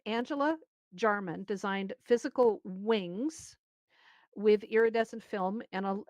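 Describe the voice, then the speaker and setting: A woman's voice: medium pitch, no echo. Upbeat woman co-hosting a news stream. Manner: upbeat, playful asides. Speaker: co-host. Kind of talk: scripted news read.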